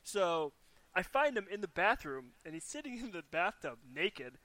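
Bright, high-voiced man telling stories. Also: very animated, moderate pace, no echo. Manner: storytelling, profane, laughing often. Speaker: older brother telling stories. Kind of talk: casual chat.

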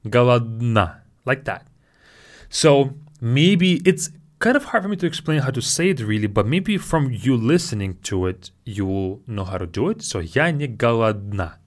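A male teacher guides a spoken language lesson, his pitch swinging widely as he speaks. He patiently says each phrase slowly, repeats it, then breaks it down. He talks close into his own microphone. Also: animated.

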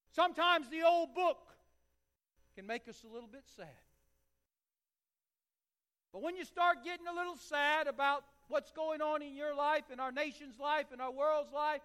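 High, bright-voiced preacher in a reverberant hall. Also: male voice. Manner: impassioned preaching, rising to loud emphatic peaks. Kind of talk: sermon.

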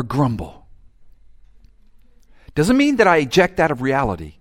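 A middle-aged male pastor preaching a sermon, swinging from hushed asides to loud, fervent passages and acting out quoted prayers. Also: medium pitch, huge pitch swings, unhurried, pauses often. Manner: acts out quoted prayers and complaints.

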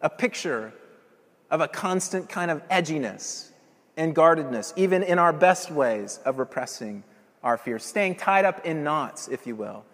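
A male preacher delivers an evening sermon with earnest emphasis, pressing home his points with rhetorical questions. His voice sits a little high for a man. A long reverb trails each phrase, as in a church hall. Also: expressive, unhurried, fairly bright tone.

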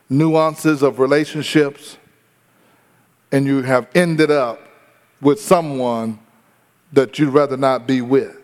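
A man's voice: a little high, darkish tone, smooth, in a large hall. A man preaching a sermon, retelling a story and putting questions to his congregation. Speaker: pastor.

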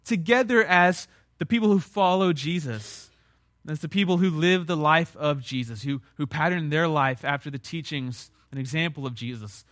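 A young pastor preaches a sermon in a relaxed, conversational way, stressing key words as he explains. His voice sits slightly high and moves at a moderate pace, and the sound is close and dry with no room echo.

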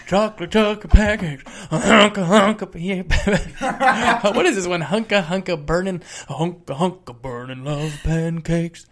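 A man's voice: sits high, unhurried, background noise. A man putting on a playful, drawling Elvis-style crooner voice while reading out a menu. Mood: hammy.

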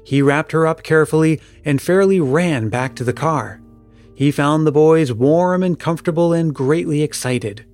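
A man calmly reading a story aloud as narrator, with a measured delivery. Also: on the high side, soft background music. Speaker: story reader.

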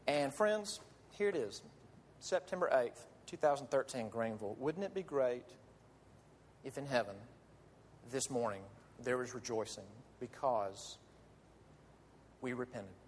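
A man preaching as a pastor in a church sanctuary uses an expressive mid-range voice, a little slow and marked by long pauses. Earnestly pleading, he asks his listeners question after question. There is slight background noise and the long reverb of a large hall.

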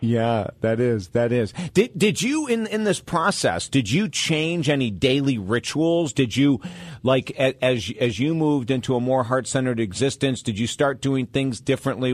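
A man's voice: mid-range voice, dry recording. A man hosting a radio talk show, asking questions with eager restarts and plugging the show between segments. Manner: enthusiastic, stumbling restarts in questions. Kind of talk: radio interview.

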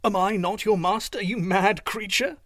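A man voicing a young man from a fairy tale who was spoiled as a boy, quick to exclaim. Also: high voice, dry recording, studio quality, pitched above the performer's own voice. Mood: puzzled. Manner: excitable, exclaiming. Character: young man freed from a spell, once spoiled.

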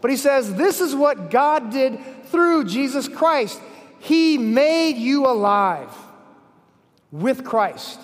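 Speaking slowly in an extremely high voice with big swings in pitch, a man delivers an emphatic conference sermon, telling stories and driving home key phrases through repetition. The large conference hall gives the recording a long reverb.

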